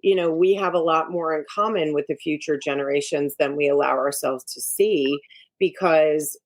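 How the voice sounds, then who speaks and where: Low-voiced woman coach, frank and emphatic. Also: moderate pace. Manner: frank and emphatic, giving advice. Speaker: executive coach, podcast guest. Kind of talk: casual interview talk.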